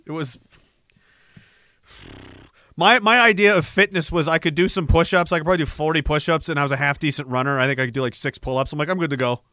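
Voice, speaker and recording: A young veteran tells a rough story in a casual, profane way, often laughing at himself. His voice sits high and bright. The sound is dry and close, with no room around it. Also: quick pace, no echo. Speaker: military veteran telling a story.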